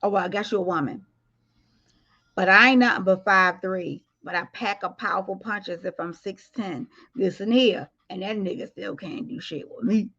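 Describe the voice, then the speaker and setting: A woman's voice: mid-range voice, normal speed, pushed and bright, dull audio. A woman hosting a live commentary stream, blunt and profane, joking as she reacts to clips.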